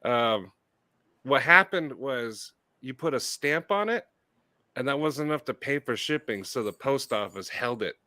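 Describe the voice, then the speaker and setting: Bright-voiced laid-back man. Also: mid-range voice, animated, a little slow, no echo. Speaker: co-host. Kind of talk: casual livestream chat.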